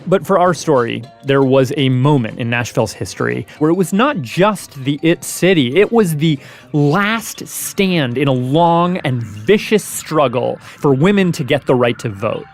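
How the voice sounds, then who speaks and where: A man's voice: on the high side, lively intonation, faint music behind. Man narrating a history story. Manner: measured storytelling. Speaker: podcast producer and narrator. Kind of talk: scripted narration.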